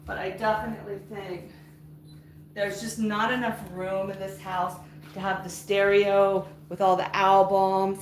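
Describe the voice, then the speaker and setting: A woman's voice: medium pitch, level tone, a little slow. A middle-aged woman chatting casually with live-stream viewers as she tidies and sorts her house. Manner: chatty, talks to viewers while sorting and moving things. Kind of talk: casual live-stream chat while tidying. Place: house interior, moving between rooms.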